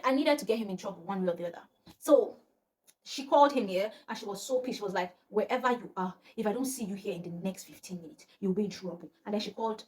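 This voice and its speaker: A young woman from Nigeria with a Nigerian accent, telling a personal story in casual vlog chat and acting out the voices of the people in it. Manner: animated, acts out quoted voices, often drops to a low murmur. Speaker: storyteller vlogger.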